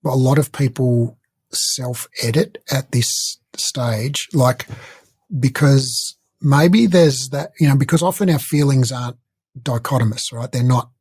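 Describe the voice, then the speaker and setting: A man's voice: mid-range voice, unhurried, a little mellow, breathy edge, dry recording. A man co-hosting a podcast, talking casually and rambling with lots of fillers. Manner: rambling, chatty, frequent fillers. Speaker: podcast co-host. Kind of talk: casual conversation.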